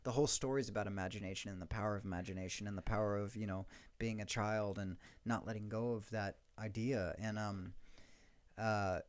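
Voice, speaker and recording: A man's voice: on the low side, fairly even intonation, a little fast, clear, resonant tone. Man, podcast co-host, chatty rambling delivery, casual. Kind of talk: casual book discussion.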